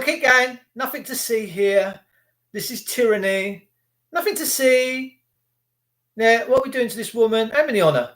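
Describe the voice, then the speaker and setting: A middle-aged man hosting a casual live stream, reacting to footage with sarcasm and chatting to viewers. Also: high-pitched. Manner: excitable, sarcastic, addresses viewers as mate. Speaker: livestream host.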